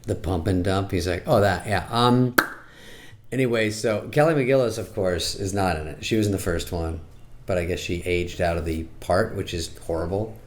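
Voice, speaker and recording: A middle-aged man talks through a movie in a dry, sarcastic, offhand way. His voice sits low and deep. He keeps breaking into quick, squeaky impressions before dropping back to his flat delivery. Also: slight background noise. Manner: deadpan, sarcastic, jumps into squeaky put-on voices. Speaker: comedian reviewing a movie. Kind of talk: casual comic monologue.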